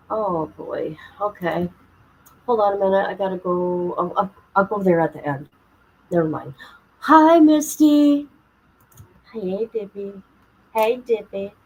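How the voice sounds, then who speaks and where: A woman's voice: mid-range voice, a little mellow, a little hiss or hum, poor audio. Woman streamer, casual chat, greets viewers by name, gets sidetracked easily. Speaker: livestream host.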